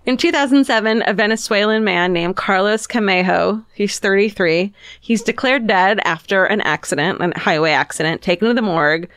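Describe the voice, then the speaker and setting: A woman's voice: mid-range voice, moderate pace, hardly any pauses, fairly bright tone, clear, resonant tone, no echo. Woman podcaster telling creepy true stories, swears a lot, acts out quotes, close dry mic. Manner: swears freely, acts out quotes, laughs often. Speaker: podcast co-host telling the story. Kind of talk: casual true-crime chat.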